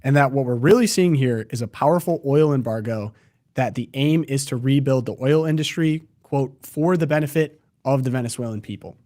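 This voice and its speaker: A man's voice: mid-range voice, a little fast, dark tone. A man co-hosting a podcast, casually discussing the news and reading out quotes. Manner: conversational, reads quotes aloud. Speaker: podcast co-host.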